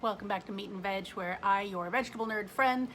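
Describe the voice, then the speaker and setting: A woman's voice: mid-range voice, fairly quick, music in the background. A woman hosting a casual cooking vlog in her home kitchen, chatty and self-mocking, laughing often. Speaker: cooking show host.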